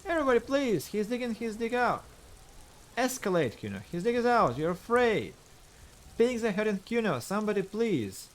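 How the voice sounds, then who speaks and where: A man's voice: on the high side, sing-song, normal speed, a little hiss or hum, pitched above the performer's own voice. A man voicing a foul-mouthed, aggressive young street boy who talks about himself in the third person. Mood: screaming.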